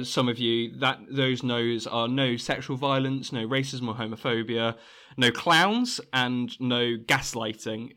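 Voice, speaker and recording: A man's voice: mid-range voice, bright, forceful tone. A man hosting a tabletop game podcast as game master, chatty with stumbling restarts. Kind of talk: podcast introduction and housekeeping.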